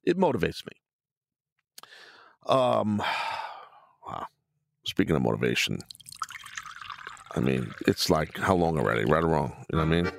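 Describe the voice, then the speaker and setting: A man's voice: extremely low pitch, big pitch swings, unhurried, creaky, long pauses, no echo. A man hosting his own podcast, answering listener questions in a blunt, rambling, profane way. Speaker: podcast host.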